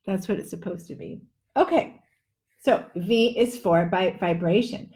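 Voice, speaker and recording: Speaking from indoors at home, this Netherlands-based woman runs a live online English pronunciation lesson. Her mid-range voice has a dark tone and a measured pace, and she cracks jokes between drills while exaggerating sounds to make contrasts clear.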